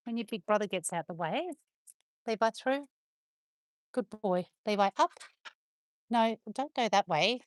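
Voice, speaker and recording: Animated and unhurried, with long pauses, this Australian woman speaks in a mid-range voice during a live stream from her farm. She alternates between casual chat with viewers and calling her dogs, recorded with studio quality and no echo.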